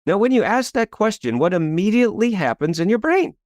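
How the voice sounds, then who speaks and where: An animated man in his fifties whose voice swoops widely as he tells his story, pitched a touch above most men. He talks like a seasoned coach on a podcast, emphatic and salesy. He keeps checking in with a quick rhetorical question, and the sound stays close and dry. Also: dry recording. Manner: animated, tags points with rhetorical "right?"; chuckles between points, salesy and emphatic. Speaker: coach and author, guest.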